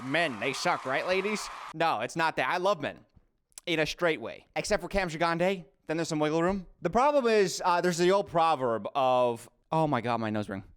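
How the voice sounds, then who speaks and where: A man's voice: a little high, a bit bright, clean tone. A man hosting a video, giving jokey, sarcastic commentary. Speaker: video host. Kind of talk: comedic commentary.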